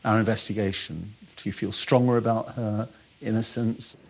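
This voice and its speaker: A man's voice: fairly low pitch, fairly even intonation, normal speed, low-quality recording. A man, a barrister, speaking politely and formally in a meeting. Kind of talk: conversational meeting.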